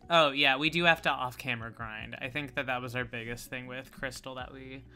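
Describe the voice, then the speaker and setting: A woman's voice: rumbling low, fairly even intonation, brisk, pushed and bright, faint music behind. A woman co-hosting a casual gaming stream, chatting loosely and laughing often while reacting to the game. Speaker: streamer co-host.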